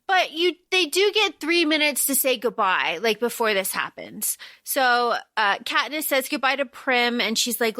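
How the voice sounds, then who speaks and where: Young female podcast co-host, high bright voice, animated casual movie recap. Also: unhurried, few pauses, no room sound, clean studio sound. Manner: animated, laughing, acts out quotes.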